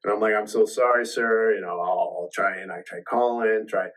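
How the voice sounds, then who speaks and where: A man with a lowish voice tells a long personal story in a loose, rambling way. He keeps restarting his sentences and acts out what other people said. He sits a little back from the microphone, so the sound sits at a distance. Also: fairly even intonation, moderate pace, a bit bright. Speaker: podcast host telling his story. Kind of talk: casual storytelling.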